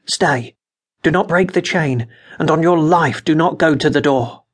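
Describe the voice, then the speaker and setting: A man's voice: a little high, a little slow. Man playing an urgent, commanding sorcerer. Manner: urgent, proclaiming. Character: fervent male conspirator sorcerer, commanding. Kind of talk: audiobook character reading.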